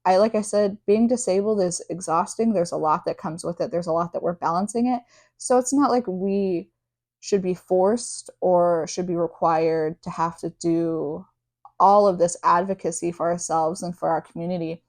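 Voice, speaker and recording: Chatty young woman, low voice. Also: steady tone, normal speed, a little mellow. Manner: chatty and candid, lots of fillers and asides. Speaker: vlogger and service dog handler. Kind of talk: casual talk to camera.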